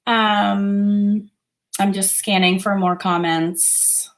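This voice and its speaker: A woman's voice: medium pitch, flat delivery, extremely slow. A young adult woman teaching art on a casual livestream from her home, chatting with viewers and reading their comments. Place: home studio room.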